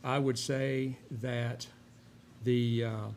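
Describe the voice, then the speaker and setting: Gravelly man chatting casually. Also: medium pitch, extremely slow. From Texas. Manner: rambling, relaxed, many "uh" fillers. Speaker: host of a cigar and whiskey review show. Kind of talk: casual chat while smoking a cigar. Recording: faint background noise.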